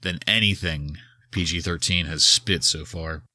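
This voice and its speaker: Low-voiced wry podcast host, man. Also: a little slow, bright, forceful tone, dry recording, clean studio sound. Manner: wry, sarcastic narration. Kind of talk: casual podcast recap.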